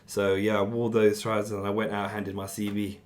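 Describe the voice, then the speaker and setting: A young man co-hosting a podcast, telling his own life story in a casual, animated way and laughing often. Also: lowish voice, a little fast. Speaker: podcast co-host.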